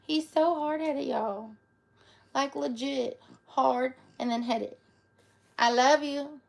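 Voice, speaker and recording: High gravelly woman cooing at her pets. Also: steady tone, takes it slowly. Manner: playful, coos at her pets in baby talk. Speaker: live streamer. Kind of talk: casual live-stream chat.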